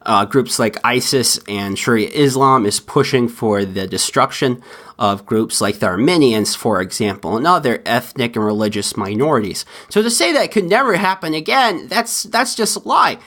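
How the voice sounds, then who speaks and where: A man's voice: medium pitch, expressive, moderate pace, a bit bright. Male podcast host, mid-range voice, impassioned opinion talk with subdued turns. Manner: impassioned, swings from heated to subdued. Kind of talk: solo opinion commentary.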